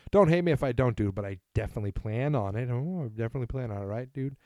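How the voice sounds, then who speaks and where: A New England podcast host reads listener emails aloud on his casual solo show, rambling with self-deprecating asides. His medium-pitched, darkish voice races along animatedly, in studio quality with no echo.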